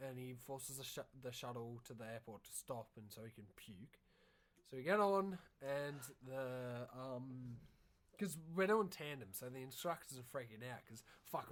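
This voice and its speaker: A young Australian man telling a long rambling story in casual podcast chat, swearing freely. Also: mid-range voice. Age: young adult. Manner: rambling, swears a lot, animated. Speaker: podcast co-host.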